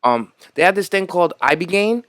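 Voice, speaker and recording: A man hosting a podcast, telling stories in animated, profane casual chat. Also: high-pitched, fairly quick, dry recording, studio quality. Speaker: podcast host.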